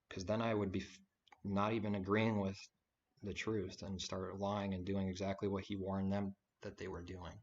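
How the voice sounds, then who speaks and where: A man's voice: low voice, level tone, normal speed. A man giving an informal spoken sermon, rambling and conversational, with frequent fillers and restarts. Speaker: preacher. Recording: dull lo-fi recording.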